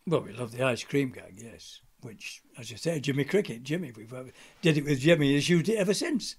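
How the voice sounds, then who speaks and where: Older man, husky voice, lively pitch, chatty anecdotes. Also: a little fast. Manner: chatty storyteller, acts out old routines in character voices. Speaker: pantomime comedian, interview guest. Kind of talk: anecdotal interview chat.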